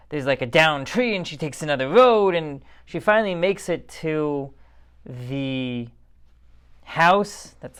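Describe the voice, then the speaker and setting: Rambling, tired rabbi, smooth clear voice. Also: male voice, fairly high pitch, a bit bright. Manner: rambling, digressive, conversational. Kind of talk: casual Torah talk.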